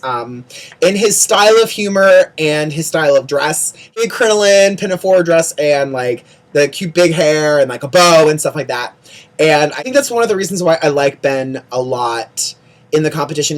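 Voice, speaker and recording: Chatty vlogger gushing and ranting. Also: medium pitch. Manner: gushing and ranting, peppered with "like", repeats words in runs. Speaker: drag show recap vlogger. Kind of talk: casual chatty recap monologue.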